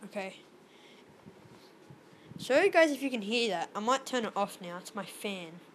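A woman giving excitable live gameplay commentary as a YouTuber, squealing at wins and dropping to whispers when tense. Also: mid-range voice, normal speed, slight background noise. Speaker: gaming YouTuber.

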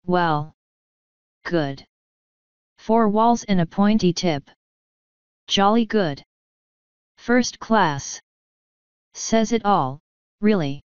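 A woman's voice: medium pitch, animated, extremely slow, pauses often, clean tone, no echo, dull audio. Woman playing a fumbling anxious young king. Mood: awkward. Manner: hesitant, fumbling, earnest.

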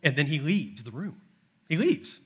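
Animated bright-voiced male preacher. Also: on the high side, moderate pace, husky, muffled recording. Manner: animated storytelling, acts out his toddler's shouts. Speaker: pastor. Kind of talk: sermon with personal story. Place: church sanctuary.

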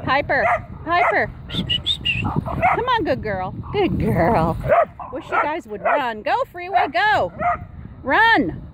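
A woman with a high, swooping voice talks in an unhurried way as she calls out and cheers to a group of dogs. Her tone slides into a sing-song as she coaxes them. The outdoor recording is full of loud barking. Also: very animated, very noisy. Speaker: dog walker filming a dog outing. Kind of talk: casual running commentary to camera and dogs. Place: outdoors at a dog play area.

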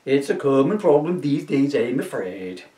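A man voicing a slow, stolid, deadpan village policeman. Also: mid-range voice, recorded from a distance, natural voice. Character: plodding, polite male village constable. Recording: roomy echo, voice from off-mic.

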